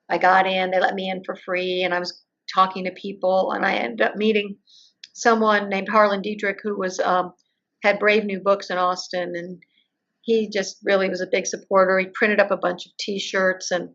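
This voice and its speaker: A woman's voice: medium pitch, fairly bright tone. An older woman being interviewed, telling her story at length and acting out the conversations she recounts. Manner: storytelling, acts out quoted exchanges. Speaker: interview guest. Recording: muffled lo-fi audio.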